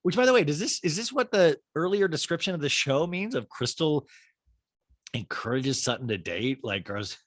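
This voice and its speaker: Animated man recapping reality TV. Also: a little high, moderate pace, no room sound, clean studio sound. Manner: animated, laughing, acts out quotes. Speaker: podcast host. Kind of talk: comedic TV recap.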